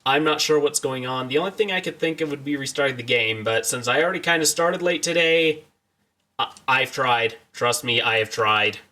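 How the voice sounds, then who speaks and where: A man's voice: medium pitch, moderate pace, pushed and bright. A young man streaming a video game, joking and rambling as he chats to his viewers in a casual way. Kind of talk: casual let's-play commentary.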